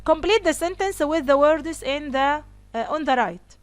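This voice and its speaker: A woman teaching an English grammar lesson, slowly repeating each example sentence. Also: high voice, no room sound, soft background music.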